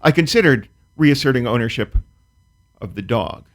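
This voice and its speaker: A man's voice: mid-range voice, expressive. Wry man telling a comic story. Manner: dry, precise, wry storytelling with pauses. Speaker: comedian and storyteller guest. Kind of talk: casual talk-show chat.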